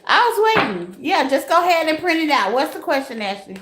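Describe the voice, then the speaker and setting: A woman hosting a casual live tarot reading, talking to her viewers. She laughs often and bursts into loud exclamations. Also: sits high, big pitch swings, a little fast, reverberant, noisy background.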